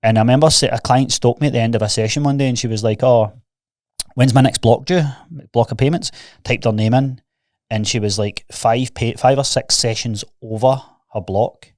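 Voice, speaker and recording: A man's voice: medium pitch, fairly even intonation, brisk, no echo, clean studio sound. A young Scottish man, a fitness coach and podcast guest, telling candid stories in a casual chat and peppering them with "mate".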